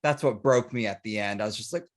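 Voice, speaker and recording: Male podcast host; earnest, emotional, halting delivery. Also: lowish voice. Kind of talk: casual interview chat.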